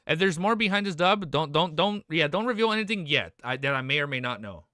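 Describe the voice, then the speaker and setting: Young dude streamer chatting with his viewers, swears a lot, bright voice, super dry close mic. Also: fairly high pitch, lively intonation, a little fast, dry recording. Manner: rambling, swearing, reads chat aloud. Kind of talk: casual live-stream chat.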